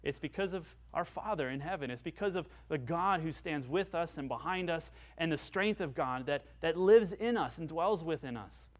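Guy preaching a sermon, pastor voice a bit on the high side, earnest, gets emphatic. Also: lively intonation, moderate pace, few pauses. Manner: earnest, emphatic, with rising peaks on key points.

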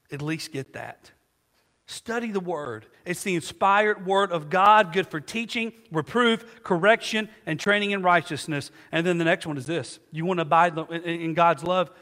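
A male pastor with a high, bright, ringing voice preaches in call-and-response style, leaving gaps for the congregation to fill in. His voice carries a long reverb tail, as if it fills a big hall. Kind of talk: sermon.

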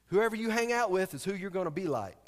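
In a room with long hall reverb, a middle-aged man preaches as pastor, his high-pitched voice quick and lively in intonation. He mixes stories with questions to the congregation and joking asides.

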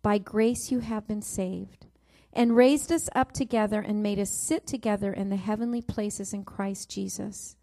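A middle-aged woman preaching a sermon, reading scripture and telling a family story, stressing each verse number. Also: fairly high pitch. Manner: warm storytelling with Bible reading, rising emphasis on verse numbers.

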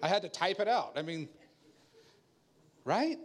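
A man preaching a sermon, talking straight to his congregation in a loose, conversational way and acting out the people he quotes. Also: unhurried. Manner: animated, jumps into a higher voice to act out quoted people; conversational preaching with asides and laughs. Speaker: pastor.

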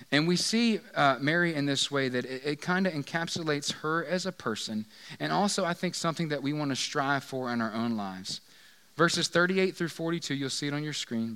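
A man's voice: mid-range voice, sharp tone. A male pastor preaching in a conversational, joking way, often asking the audience questions. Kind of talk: sermon.

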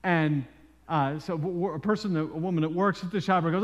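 A man preaching a sermon as pastor, telling stories in an animated way with frequent asides. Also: on the high side, normal speed, lo-fi sound. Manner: animated storytelling with frequent "you know" asides. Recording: long reverb in a large hall.

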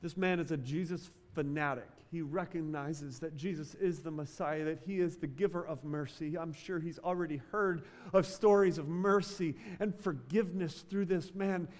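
High-voiced man preaching in a hall. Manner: preaching with swings from loud emphasis to quiet, drawn-out phrases. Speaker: pastor. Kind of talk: sermon. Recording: long hall reverb.

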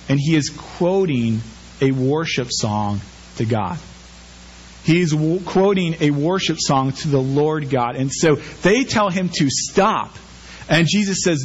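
Man preaching, animated, higher-pitched. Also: lo-fi sound, a little hiss or hum. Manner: animated preaching with rhetorical questions. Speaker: pastor. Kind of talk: sermon.

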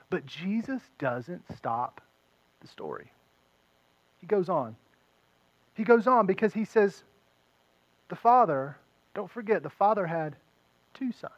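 A man pastor preaching a sermon, retelling a story with animated delivery and acting out the characters' voices. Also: on the high side, dry recording, lo-fi sound.

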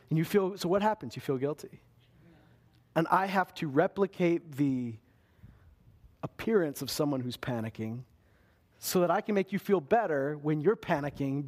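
A man preaching a sermon, talking straight to his listeners and jumping into panicked voices when he acts out a scene. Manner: animated, acts out panicked voices with big pitch swings. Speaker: pastor.

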